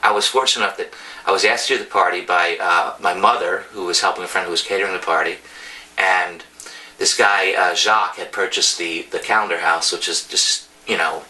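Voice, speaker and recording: Music plays behind this distant-mic recording of a low-voiced man speaking fairly quickly, his tone steady yet pushed and bright. A bartender and bar memorabilia collector from New York's Hudson Valley, he rambles through stories with eager enthusiasm and many restarts.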